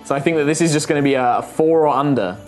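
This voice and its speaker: A game master narrating a tabletop game, animated and chatty with lots of fillers. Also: medium pitch, quick pace, music in the background. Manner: animated, laughing, full of fillers.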